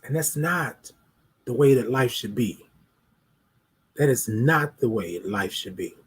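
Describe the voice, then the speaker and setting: A man's voice: mid-range voice, expressive, slow pace, husky. A man hosting a live show, talking straight to his viewers in an emphatic, preachy monologue. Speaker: host of a live talk show. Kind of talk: motivational live-stream monologue.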